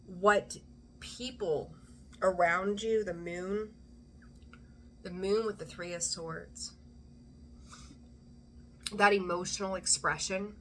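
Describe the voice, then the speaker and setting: Chatty excitable woman, bright tone. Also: on the low side, a little hiss or hum. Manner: chatty, rambling, excitable, laughs often. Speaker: tarot reader. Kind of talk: casual tarot reading to camera.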